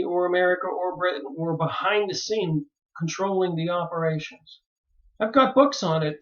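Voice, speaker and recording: Brief: man with a high voice, emphatic monologue, dull lo-fi sound. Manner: emphatic, rising to pleading exclamations. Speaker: video maker reviewing books. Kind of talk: monologue to camera.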